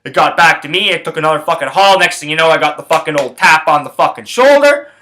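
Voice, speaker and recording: A young man from Canada, host of his own show, rambles through a story and swears in nearly every line. His voice sits a little high and sounds bright and forceful. He talks casually, restarts his sentences and jumps back and forth, getting loud and animated as he tells it. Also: fast. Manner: profane, rambling, animated retelling. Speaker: podcast host.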